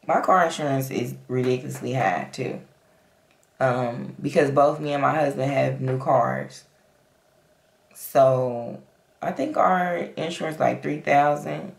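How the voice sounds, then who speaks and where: A woman's voice: low-pitched, vocal fry, roomy sound, a little hiss or hum. A young adult woman, chatting casually and playfully as she talks through her savings and counts cash aloud. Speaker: budgeting vlogger. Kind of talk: casual chat to camera.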